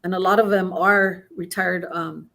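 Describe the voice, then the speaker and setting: A woman's voice: lowish voice, fairly even intonation, a little slow, sharp tone. A middle-aged woman guest in casual chat, telling a long story with many restarts and fillers. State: has the hiccups.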